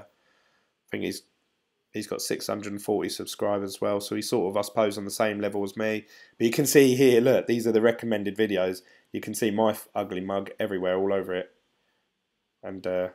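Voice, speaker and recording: A man's voice: on the low side, darkish tone. A middle-aged man hosting a casual live stream. He rambles in a chatty way and reads out viewer comments. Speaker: crypto YouTuber, live-stream host.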